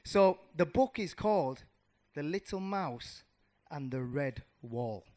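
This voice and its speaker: A man in his thirties from the audience, telling a children's story in a casual, animated way, with slangy asides and many restarts. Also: on the high side, slow pace. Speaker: audience member.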